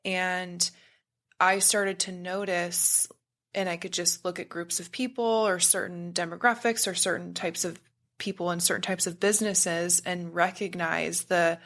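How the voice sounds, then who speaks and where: A woman's voice: fairly low pitch, steady tone, a little slow, fairly bright tone. A woman talking as a podcast guest in a meandering, searching way, sometimes buzzing to illustrate a point. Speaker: podcast guest, spiritual practitioner. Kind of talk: casual conversation.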